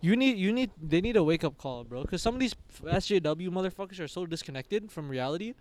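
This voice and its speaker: A man's voice: sits high, lively intonation, fast, darkish tone. A young man in casual chat, agreeing often and swearing, with frequent use of "bro".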